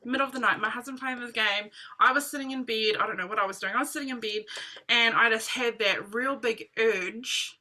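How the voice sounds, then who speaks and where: A woman telling her personal testimony to a group, in animated casual storytelling full of "like" and "literally". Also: on the high side, fairly quick. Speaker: team member sharing testimony.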